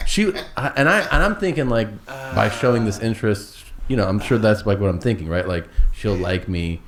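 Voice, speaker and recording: A man's voice: fairly low pitch, expressive, moderate pace, crowd noise. A man telling a long, rambling, profane story in casual chat, acting out every quote.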